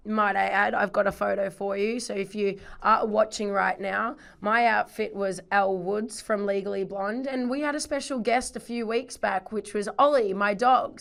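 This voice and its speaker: A croaky woman co-hosting a chatty podcast, laughing often. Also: mid-range voice. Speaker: podcast co-host. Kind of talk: casual chat.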